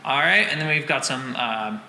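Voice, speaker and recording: A man's voice: medium pitch, normal speed, heavy background noise. A man teaching drum rhythms, counting and singing the beats aloud, and often correcting himself. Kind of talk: instructional breakdown. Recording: echoey room with loud drumming. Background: drumming.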